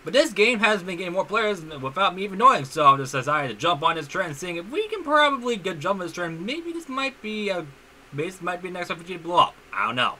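Excitable young man, bright voice. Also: sits high, fast talker, a little hiss or hum. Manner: excitable, stumbling restarts. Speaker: gaming YouTuber. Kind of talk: casual gameplay commentary.

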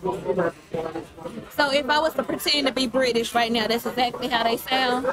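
A woman's voice: fairly high pitch, a bit bright. A woman with a Southern American accent co-commentating esports, sassy and teasing. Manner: sassy, teasing, talks fast in bursts. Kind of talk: casual tournament commentary. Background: game music.

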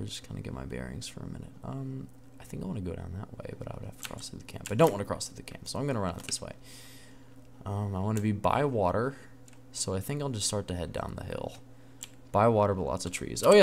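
Man, gaming commentary, lively swooping voice, excitable, talks to himself, faint keyboard typing. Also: on the low side, vocal fry, a little hiss or hum. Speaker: gaming channel host. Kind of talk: let's play commentary. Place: dark room at home at night.

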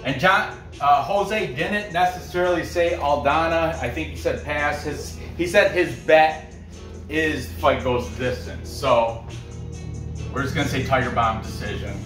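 A man hosts a casual fight picks roundup, talking slowly in a fairly high voice and drifting into asides and laughs. He sits back from the mic in a roomy, echoing space, with faint music underneath. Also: a bit bright, recorded from a distance. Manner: rambling, chatty, laughs and trash-talks. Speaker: host of a fight picks show.

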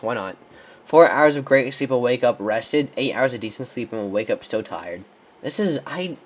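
Give me a young guy casually playing would-you-rather on camera, mid-pitched and easygoing, with a slightly muffled home recording. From Texas. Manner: rambling, thinking aloud with many likes and restarts. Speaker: channel host. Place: room with a squeaky chair.

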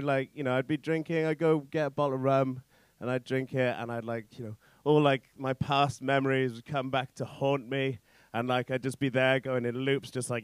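A man's voice: mid-range voice, smooth, no echo. A young man performing a stand-up set on a comedy club stage, rambling and self-deprecating, swearing a lot between fillers.

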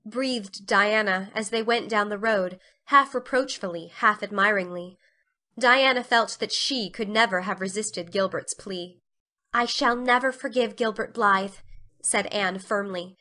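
A woman narrating a classic novel as a dramatic storybook reading, with expressive storytelling. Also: medium pitch, unhurried.

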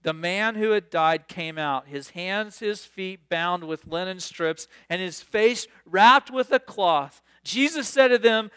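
A man preaching a sermon, reading scripture aloud and riffing on it with animated, excitable asides. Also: sits high, clean tone. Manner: animated, reads scripture then riffs with sudden bursts of excitement. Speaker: pastor.

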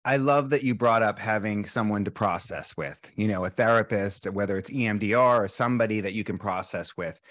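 A man's voice: on the low side, brisk, few pauses, dry recording, studio quality. A man, a breathwork teacher talking candidly and with animation as a podcast guest. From US East Coast, Boston. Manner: animated, candid, swears a little. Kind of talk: casual podcast conversation.

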